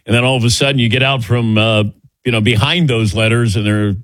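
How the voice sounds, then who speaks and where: A man's voice: medium pitch, fairly even intonation, fairly quick, fairly bright tone, no room sound. A middle-aged man hosting a sports radio show, joking wryly and teasing himself. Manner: wry, self-deprecating joking. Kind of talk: casual sports talk radio.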